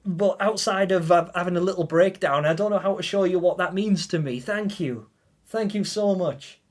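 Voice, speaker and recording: Male streamer, slightly high voice, heartfelt, stammering, emotional, chatting live to viewers. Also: normal speed. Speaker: gaming livestreamer.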